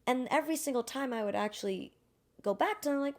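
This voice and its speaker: An animated woman speaking as a guest in a casual interview. She is candid and self-deprecating, and she acts out the people she quotes in shifting voices. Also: sits high, fast, vocal fry. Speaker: guest, beverage brand founder.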